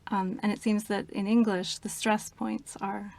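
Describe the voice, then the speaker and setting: A woman who is a guest in an interview, explaining her ideas in a thoughtful, measured way. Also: medium pitch, little pitch movement, vocal fry, darkish tone. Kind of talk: conversational interview.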